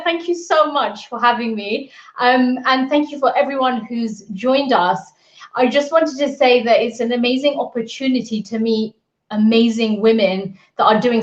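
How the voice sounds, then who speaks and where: A young woman giving a candid, energetic talk as a guest speaker on a virtual event, telling her story with acted quotes. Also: on the high side. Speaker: guest speaker, business mentor. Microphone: video call. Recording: roomy, slightly dull audio.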